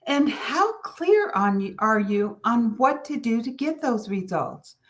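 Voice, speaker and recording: A middle-aged woman from California hosts a motivational business podcast. Her voice sits high. She tells a family story with lively, animated energy and acts out the people she quotes. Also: slow pace. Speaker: podcast host.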